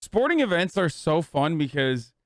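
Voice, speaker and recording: A man's voice: fairly high pitch, sing-song, normal speed, dry recording, clean studio sound. A man in his thirties telling a rambling, sarcastic, profane story on a casual livestream. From United States. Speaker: streamer.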